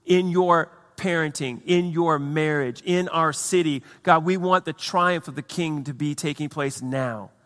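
Pastor preaching in a reverberant hall. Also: male voice, on the high side, pushed and bright. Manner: conversational preaching with restarts and acted asides. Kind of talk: sermon.

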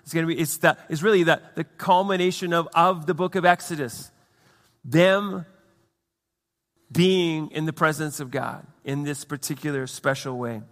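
A man's voice: on the high side, moderate pace, a bit bright, big-room sound. A man preaching a sermon as pastor, conversational, with restarts and playful acted asides.

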